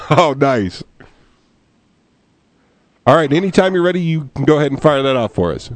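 A man's voice: on the high side, animated, normal speed, no room sound. A man hosting a poetry radio show, bantering loosely and laughing often with his co-hosts.

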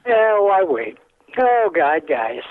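A man calling in by phone to a radio show, reciting a poem in an unhurried, drawn-out way. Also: high-pitched, big pitch swings, no echo. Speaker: caller. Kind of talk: poetry recitation. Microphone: telephone. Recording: tinny phone line with faint hiss.

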